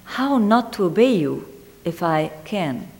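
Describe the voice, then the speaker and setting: A woman reading a literary essay aloud in a measured, deliberate way, lingering on single words. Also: fairly low pitch, big pitch swings, creaky. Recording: long hall reverb.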